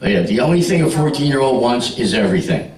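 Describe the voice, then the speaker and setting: A man's voice: mid-range voice, lively intonation, quick pace, a little mellow. Man in his sixties telling jokes. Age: 60s. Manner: storytelling with punchlines, talks to the crowd. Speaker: stand-up comedian. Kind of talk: stand-up set at a party. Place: party room with a live audience. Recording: roomy, mic heard from a distance.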